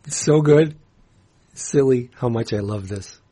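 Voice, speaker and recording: A man's voice: mid-range voice, dark tone, husky. Gushing man reviewing comics. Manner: enthusiastic, gushing, rambling with fillers. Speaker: podcast co-host. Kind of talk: casual comics review chat.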